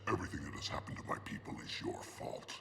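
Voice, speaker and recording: An actor playing a bitter alien terrorist commander with a menacing, hissing delivery. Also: male voice, fast, sharp tone, in a whisper, natural voice.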